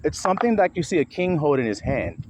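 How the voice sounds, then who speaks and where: A man's voice: a little high, very animated, fast talker, darkish tone. A man giving a blunt, emphatic preaching monologue, often acting out quotes and swearing freely. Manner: emphatic, swings into acted quotes, blunt and profane. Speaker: online preacher. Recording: dull lo-fi recording with faint hiss.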